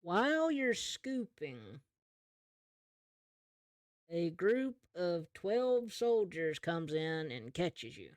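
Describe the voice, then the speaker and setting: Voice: medium pitch, sing-song, extremely slow, pauses often, dry recording. A game master narrating a tabletop game in an easygoing, second-person storytelling way.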